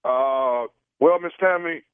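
Posing as a caterer, a radio host makes a prank phone call, speaking in a hesitant, rambling, apologetic way. His medium-pitched voice is smooth and unhurried with no echo, coming through a tinny, dry phone line.

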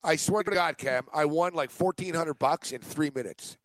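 A man with a slightly raised pitch spins a long, rambling story on a sports betting podcast. He laughs easily and acts out the people he quotes. The sound is dry and close, with no room behind him. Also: moderate pace, no room sound. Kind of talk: casual storytelling chat.

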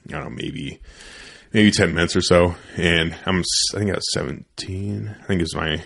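A man's voice: low-pitched, fairly even intonation, normal speed, gravelly, fairly bright tone. A young man hosting a podcast, telling a loose, profane, rambling story in a casual studio chat. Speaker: podcast host.

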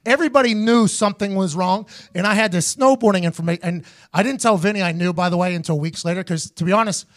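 A man hosting a podcast, telling a story in an animated, profane way and acting out both sides of each conversation. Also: high voice, fast. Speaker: podcast host. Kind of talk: casual storytelling chat.

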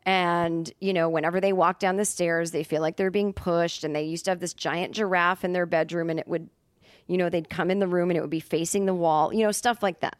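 A woman's voice: fairly low pitch, steady tone, a little fast, dry recording. A woman comedian telling a story as a podcast guest, casual and rambling, full of fillers and restarts. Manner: rambling, many fillers and self-corrections.

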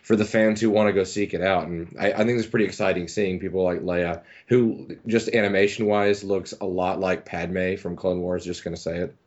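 A man with a very low, deep voice, musing aloud in a casual podcast chat and wandering through his points with lots of fillers. The audio is dull and lo-fi. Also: steady tone, a little fast, hardly any pauses, darkish tone. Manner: thoughtful, rambling, many fillers. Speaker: podcast co-host.

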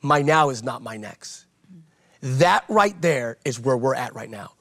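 A man's voice: mid-range voice, animated, a little slow, fairly bright tone. A man, a pastor, preaching in an impassioned sermon style within a conversation, driving points home with emphatic repetition. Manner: emphatic, repeats phrases for rhetorical effect.

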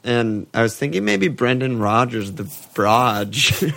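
A man's voice: mid-range voice, sing-song, slow, vocal fry, a bit bright. A man co-hosting a casual podcast, swearing freely, rambling and laughing as he talks. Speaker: podcast co-host. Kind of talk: casual chat.

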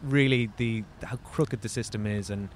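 A man with a mid-range voice, co-hosting a podcast. He chats in a lively, emphatic way and laughs easily. Faint street and traffic sounds can be heard behind him. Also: medium pitch, moderate pace. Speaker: podcast co-host. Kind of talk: casual chat.

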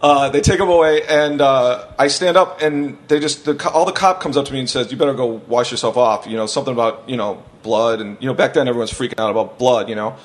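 A man's voice: mid-range voice, fast, few pauses. A man who is a stand-up comedian tells a long anecdote in casual podcast chat, rambling, swearing and laughing as he goes. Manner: rambling, profane, laughs through the story.

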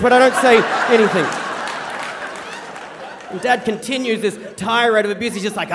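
A man telling a true story live on stage, wry and animated, acting out the voices of the people he quotes. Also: high voice, quick pace, crowd noise, background noise. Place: theater stage before an audience. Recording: reverberant hall.

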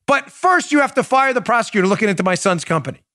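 A man's voice: high-pitched, expressive, fast talker, pushed and bright. Fired-up male political talk host. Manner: emphatic, addresses audience as folks; rhetorical questions, restarts sentences. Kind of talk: opinionated commentary.

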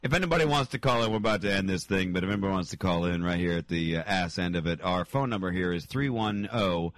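A man's voice: deep voice, animated, fast, dry recording. A man hosting a casual podcast, teasing his co-host in an amused way and giving call-in details. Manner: amused, teasing, laughs often.

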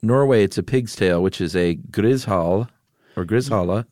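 A man with a fairly low voice co-hosts a podcast in relaxed, casual chat. He talks in an easygoing, rambling way and laughs easily. The recording is dry and close on a studio microphone. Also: moderate pace, dry recording. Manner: easygoing, laughs often, loose storytelling. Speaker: podcast co-host.

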